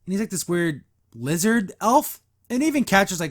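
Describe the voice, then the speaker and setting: A man's voice: sits high, sing-song, moderate pace. A man hosting a podcast, giving a blunt, sarcastic, exasperated review of an episode in casual commentary. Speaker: podcast host.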